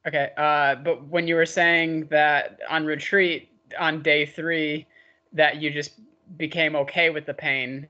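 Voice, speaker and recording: A man on a video call, talking casually and hesitantly, filling his pauses with "uh". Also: on the high side, bright, forceful tone, highs cut off. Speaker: group call participant. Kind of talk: casual conversation.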